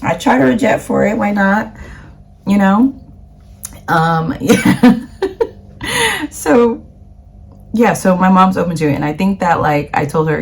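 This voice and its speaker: A woman's voice: mid-range voice, unhurried, gravelly, long pauses, a little mellow. A woman from the United States, a vlogger chatting casually to camera in a rambling way with plenty of fillers.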